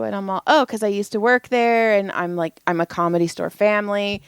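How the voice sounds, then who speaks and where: A woman co-hosting a podcast, telling a story in casual chat, animated and swearing, acting out quotes. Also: mid-range voice, brisk, few pauses, clear, resonant tone, no echo. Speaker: podcast co-host.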